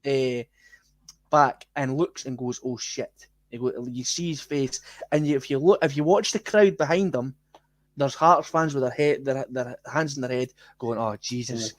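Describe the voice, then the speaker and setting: A man's voice: medium pitch, normal speed. A Scottish man co-hosting a football fan podcast, swearing indignantly and laughing in disbelief. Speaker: podcast co-host. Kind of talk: heated fan podcast discussion.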